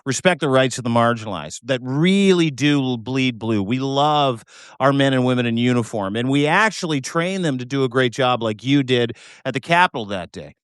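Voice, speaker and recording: A man's voice: mid-range voice, animated, normal speed, clean tone, no room sound, studio quality. A co-host from Canada, chatting casually and admiringly, often restarting his sentences. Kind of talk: casual chat.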